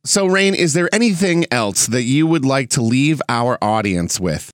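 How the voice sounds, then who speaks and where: A man hosting a casual podcast interview, relaxed and sprinkling in "uh" as he talks. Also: mid-range voice, moderate pace, no room sound. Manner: relaxed, uses filler "uh" often. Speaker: podcast host.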